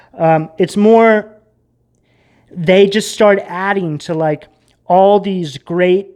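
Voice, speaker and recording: A man's voice: high voice, darkish tone. A man giving a casual tarot reading in a rambling, emphatic way that gets worked up. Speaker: tarot reader.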